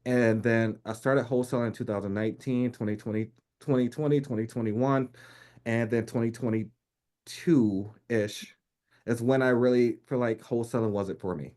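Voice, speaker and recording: A man's voice: medium pitch, moderate pace. A man in his thirties from New York, telling a personal story in casual conversation, laughing often and acting out the voices of people he quotes. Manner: animated, laughs often, acts out quoted speech. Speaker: podcast guest.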